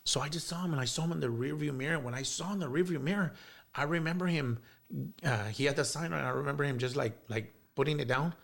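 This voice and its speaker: Gravelly man telling a story. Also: on the high side, fast, fairly bright tone. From South Texas. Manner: rambling with many fillers and Spanish slang. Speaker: interview guest. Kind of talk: emotional storytelling in an interview.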